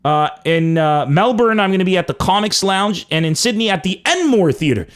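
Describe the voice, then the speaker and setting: A man hosting a casual call-in podcast, joking with callers, swearing freely and tossing off quick asides. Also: high-pitched, lively intonation, smooth. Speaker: podcast host taking calls.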